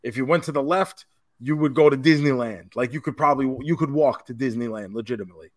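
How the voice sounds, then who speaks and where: A man's voice: medium pitch, fast talker, no echo, studio quality. A man co-hosting a podcast, telling a convention story in casual chat and swearing now and then. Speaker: podcast co-host.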